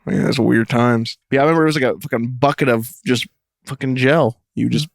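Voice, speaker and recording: A man's voice: medium pitch, brisk, creaky. A man co-hosting a podcast, chatting loosely about a movie with plenty of swearing and laughter. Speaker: podcast co-host. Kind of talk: casual movie commentary chat.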